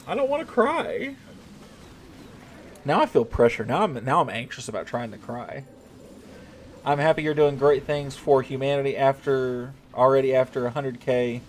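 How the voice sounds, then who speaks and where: A man's voice: mid-range voice, fairly even intonation, normal speed, slight background noise. Joking male streamer with a drawl. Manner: joking, talks to chat, swears. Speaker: game streamer. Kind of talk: casual live-stream chat.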